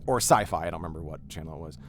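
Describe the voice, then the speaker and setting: Rambling, animated male storyteller. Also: very deep voice, very fast, a little hiss or hum. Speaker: streamer host. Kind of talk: casual storytelling while streaming a game.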